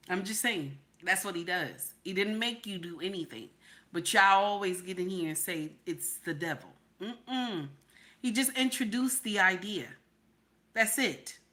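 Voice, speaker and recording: A woman's voice: medium pitch, sharp tone. A woman hosting a live stream, preaching and sassy, repeating herself for emphasis. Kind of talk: casual live-stream commentary.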